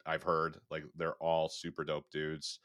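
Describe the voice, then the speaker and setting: A man's voice: rumbling low, monotone, a little slow, a bit bright, clear, resonant tone. A man from Michigan hosting a podcast interview, laid-back and profane, telling stories with acted-out quotes. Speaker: podcast host.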